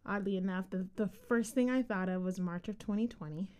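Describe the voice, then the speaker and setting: A woman's voice: mid-range voice, brisk, dark tone. A woman hosting a faith podcast, asking questions and sharing stories in a chatty way. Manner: chatty, with frequent fillers and restarts. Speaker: podcast host. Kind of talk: casual faith podcast chat.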